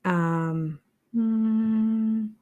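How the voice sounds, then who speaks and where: A woman's voice: fairly high pitch, very slow, warm tone, highs cut off. A middle-aged woman hosting a live reality TV review chat, candid and chatty, breaking off mid-sentence and laughing at herself. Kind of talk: casual live-stream chat.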